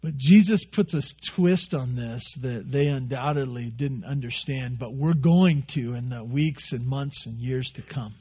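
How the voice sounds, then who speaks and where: A man preaching a sermon to a congregation in a relaxed, joking way, full of rhetorical questions. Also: mid-range voice, measured pace, hardly any pauses, slightly rough. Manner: conversational, joking, asks many rhetorical questions. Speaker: pastor. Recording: dull lo-fi recording.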